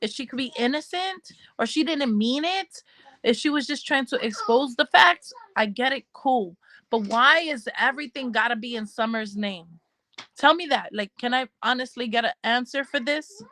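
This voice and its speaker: Woman with a high voice, emotional vlog rant, fired up and talking right at the audience. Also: lively intonation, normal speed, bright, forceful tone, dry recording, poor audio. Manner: heated, repetitive, talks straight to viewers with religious asides. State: crying. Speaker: commentary vlogger. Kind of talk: emotional casual rant to viewers.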